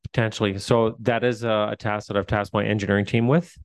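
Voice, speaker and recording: Gravelly Newfoundland man, low and flat. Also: fairly quick, dry recording. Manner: hesitant, many fillers and restarts. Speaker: facilities administrator. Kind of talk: answering questions at a meeting.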